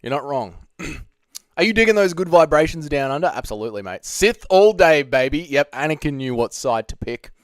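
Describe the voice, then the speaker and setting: This livestream host speaks at a normal speed in a fairly high male voice, captured studio-clean with no echo. Working from home, he reads out chat questions in a jokey way and clowns around while answering them.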